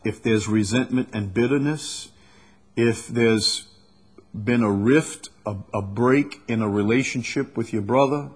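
A man preaching an expository sermon, reading scripture slowly and deliberately, then booming for emphasis and dropping low. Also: darkish tone, husky. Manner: reads verses slowly and deliberately. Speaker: pastor.

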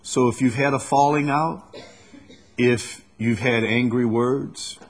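A man preaching an expository sermon, reading scripture slowly and deliberately, then booming for emphasis and dropping low. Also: steady tone. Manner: reads verses slowly and deliberately. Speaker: pastor.

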